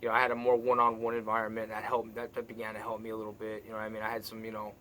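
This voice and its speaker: A man's voice: on the low side, completely flat delivery, very fast, sharp tone, slight background noise. A man telling his own story in a rambling, blunt way, with many restarts and fillers and casual swearing. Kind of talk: personal monologue.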